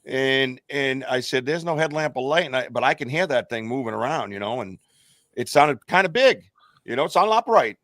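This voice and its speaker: This US podcast co-host tells a long, meandering personal tale, stumbling through fillers and starting over often. He has a medium-pitched, slightly bright voice with lively intonation at a moderate pace, captured dry in a clean studio.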